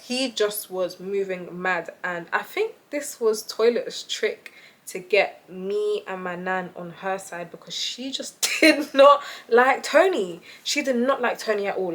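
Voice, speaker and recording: A young woman who tells a story in a casual, animated, chatty way and laughs often. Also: mid-range voice. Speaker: vlogger.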